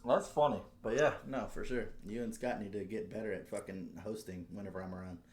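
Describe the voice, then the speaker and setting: A man's voice: fairly low pitch, fairly quick, darkish tone, slight background noise. A man co-hosting a casual comedy podcast, joking, swearing and laughing as he acts out little scenes. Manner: laughing, profane, acts out quotes. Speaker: podcast co-host.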